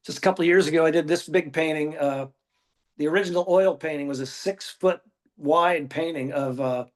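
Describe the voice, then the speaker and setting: A man guest on an interview, telling stories in a casual, animated way and acting out the dialogue he quotes, over a phone or video call. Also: fairly high pitch. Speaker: guest artist.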